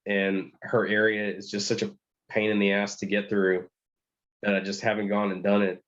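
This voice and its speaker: A man's voice: on the low side, completely flat delivery, normal speed, fairly bright tone, dull audio. A man with a Texan accent, co-hosting a podcast, telling rambling joking stories in casual chat. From Texas. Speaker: podcast co-host.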